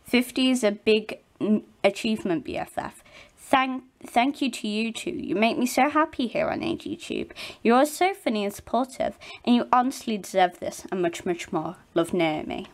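A woman's voice: medium pitch, lively intonation, normal speed. Hesitant British woman reading fan mail. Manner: hesitant, apologetic, stumbles on names. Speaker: doll channel host. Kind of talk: reading fan messages aloud.

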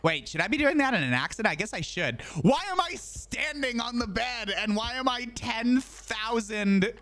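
A man's voice: very high-pitched, expressive, normal speed, pushed and bright. A man streaming a video game, chatting casually as he plays, rambling and joking with frequent swearing. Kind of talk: casual gameplay commentary.

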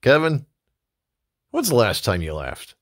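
A woman doing slow mumbling hapless husbands. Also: rumbling low, huge pitch swings, no echo, clean studio sound, heavily acted. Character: dim, hapless 1980s husbands chatting.

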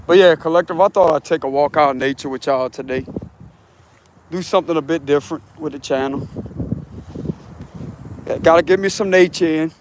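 High-voiced man vlogging laid-back outdoors. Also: normal speed, pauses often, slight background noise. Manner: laid-back, profane, laughing often, slangy. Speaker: tarot reader. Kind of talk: casual walking vlog. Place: outdoors on a wooded trail.

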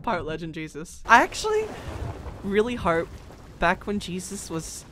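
A man hosting a casual gameplay video, excitable, laughing often and swinging between mumbles and shouts. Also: high voice, moderate pace, a little hiss or hum. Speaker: gaming video host.

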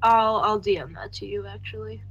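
A woman's voice: medium pitch, normal speed, dull audio, music in the background. A woman playing a tabletop game in casual chat, blunt and jokey, swearing freely.

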